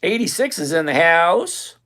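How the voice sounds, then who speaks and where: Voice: medium pitch, sing-song, a little slow, a bit bright. An older, retired investing host on a live stream, talking casually to viewers, reading their comments aloud and answering them bluntly and sarcastically, often repeating phrases for emphasis.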